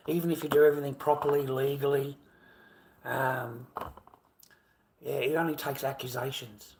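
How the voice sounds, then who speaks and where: A man's voice: medium pitch, a little mellow, a little hiss or hum, low-quality recording. Aggrieved Australian man ranting. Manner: swearing, aggrieved, repeats himself. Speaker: livestreamer. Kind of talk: casual livestream rant.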